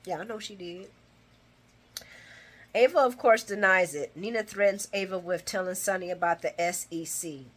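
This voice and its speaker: A woman hosting a casual soap opera recap, animated and laughing, with dramatic exclamations. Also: fairly low pitch, normal speed.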